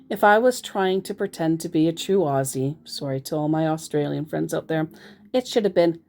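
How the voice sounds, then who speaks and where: A woman's voice: on the low side, animated, normal speed, warm tone. A woman narrating a chat with a scammer, adding wry, self-deprecating asides about her own slip-ups. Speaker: scambaiter.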